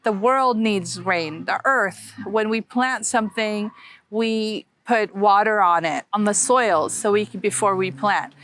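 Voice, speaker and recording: A woman life coach talking casually to the camera outdoors in a gentle, encouraging way, laughing often. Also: mid-range voice, a little slow. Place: outdoors, children playing nearby.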